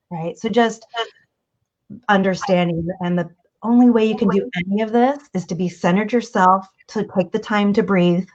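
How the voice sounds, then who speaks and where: A woman coach talks through communication advice in a casual interview. She keeps it lively and slips into the voices of the people she quotes. The audio sounds dull and lo-fi. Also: medium pitch, normal speed. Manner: animated, acts out quoted voices.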